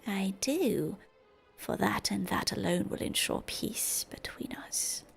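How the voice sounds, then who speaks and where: Fanatical fish-man zealot, voiced by a woman: gravelly, husky half-whisper, very slow and menacing, faint game music under. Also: medium pitch, exaggerated voice. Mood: defiant. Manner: slow, menacing, drawn-out delivery. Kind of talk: reading game dialogue aloud in character.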